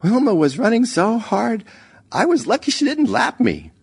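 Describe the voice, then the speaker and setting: A man's voice: very high-pitched, big pitch swings, moderate pace, creaky, a little mellow, breathy edge, voice pushed up, exaggerated voice. A man voicing a jovial middle-aged woman who chats and laughs at herself. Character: middle-aged woman, former runner, jovial, self-mocking.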